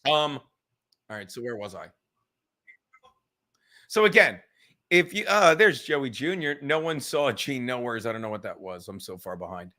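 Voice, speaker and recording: A man with a New York accent hosting a podcast livestream, ranting loudly and profanely, swinging between shouting and muttering asides. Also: mid-range voice, sing-song, normal speed, pauses often. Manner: loud, swearing, rambling, shifts from shouting to mumbling. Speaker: podcast host.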